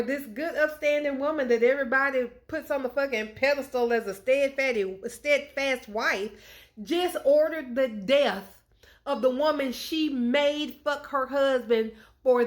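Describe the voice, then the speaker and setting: A woman with a high voice delivers a comedic rant that retells Bible stories. She is sassy, profane and indignant throughout, packing in punchlines as she goes. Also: a little slow. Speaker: content creator.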